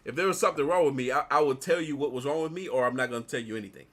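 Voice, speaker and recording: A man in his thirties, an artist vlogger, casually telling a personal story in a rambling, animated way while he works on a drawing. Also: medium pitch, rapid-fire. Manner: rambling, animated retelling with repeated "like".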